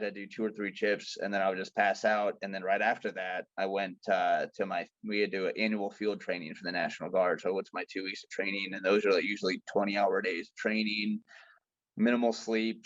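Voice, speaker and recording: A man's voice: on the low side, brisk, no room sound, dull audio. A young man telling stories on a podcast in a casual, profane way, acting out the lines of the people in them. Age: young adult. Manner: animated, profane, acts out quoted dialogue. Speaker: podcast guest. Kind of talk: casual storytelling chat.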